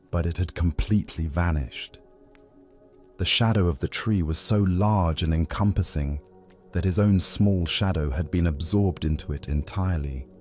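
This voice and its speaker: Very deep-voiced male sleep narrator. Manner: slow, soothing, even storytelling. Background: faint music.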